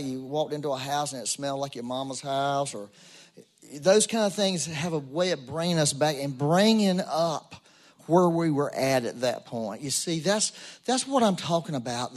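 A male pastor delivers a sermon in a church room. He talks in an easy storytelling way and climbs to emphatic, ringing peaks. His voice sits a little higher than most men's. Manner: conversational storytelling, rising to emphatic.

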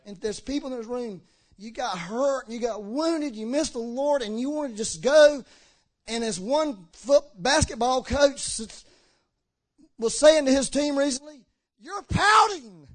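High-voiced man preaching with fervor. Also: measured pace. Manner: impassioned, swinging between shouting and low earnest talk. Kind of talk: sermon. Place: church hall with a congregation.

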